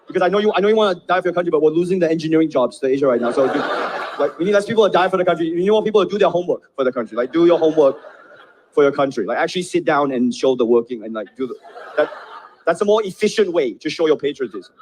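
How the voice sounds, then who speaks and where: A man's voice: fairly high pitch, animated, very fast, darkish tone, slight background noise. A man doing a stand-up comedy set, joking and laughing through his punchlines.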